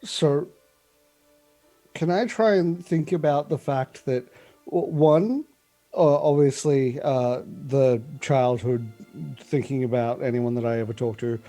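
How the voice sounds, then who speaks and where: A man speaks slowly and hesitantly as a player in a tabletop game. His voice is dark and mellow, and faint music plays underneath. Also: mid-range voice. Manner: slow, hesitant, searching for words. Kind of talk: casual tabletop game chat.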